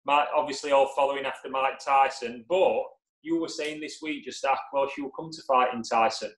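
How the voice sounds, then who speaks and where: A man hosting a casual chat, asking his guest questions in a relaxed way. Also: medium pitch, normal speed. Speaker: show host. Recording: echoey room.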